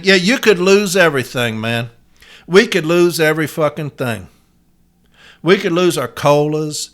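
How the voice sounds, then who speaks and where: A man's voice: fairly high pitch, sharp tone. Angry, cursing male podcast host. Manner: angry, profane, emphatic. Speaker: podcast host, union letter carrier. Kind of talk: heated solo podcast rant.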